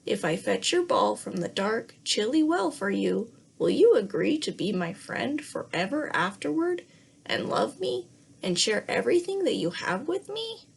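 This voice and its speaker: A woman's voice: on the high side, sing-song, unhurried, creaky, husky, exaggerated voice. A woman voicing a lonely male frog in a storybook read-aloud, speaking in a timid, scratchy voice and pleading for a friend.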